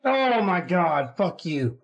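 High-voiced excitable streamer man. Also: takes it slowly, gravelly. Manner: excitable, profane, loud bursts of exclamation. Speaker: gambling livestreamer. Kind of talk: live-stream reaction commentary.

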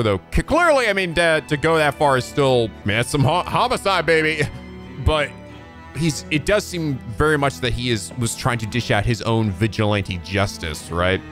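A man commenting excitedly on a video game as he plays, swearing and laughing often. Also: mid-range voice. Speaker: let's play host.

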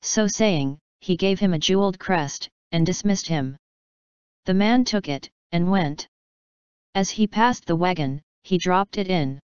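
A woman narrates an ancient tale in a measured, steady way. Her voice sits low and sounds very smooth and clean. The recording is dry and slightly dull. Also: no room sound. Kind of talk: scripted storybook narration.

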